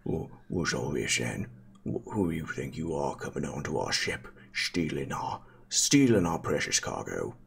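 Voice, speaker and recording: A man voicing an excitable male dwarf sailor with a Cockney accent, boastful and chatty. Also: rumbling low, unhurried, vocal fry, slightly rough, pitched below the performer's own voice, full character voice. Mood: startled. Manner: startled, then chatty and boastful.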